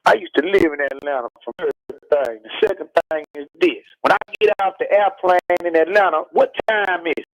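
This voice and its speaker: A rapper from Texas calls in to a radio show by telephone for a heated interview, lecturing emphatically and repeating his points. His voice is fairly high and brisk, with no echo, over muffled phone-line audio.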